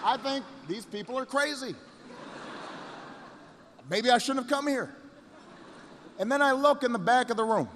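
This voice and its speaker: A man giving a campaign rally speech, telling a story with repeated phrases and pauses that builds to rousing shouts, recorded in a reverberant hall. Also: sits high, slight background noise. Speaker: political candidate.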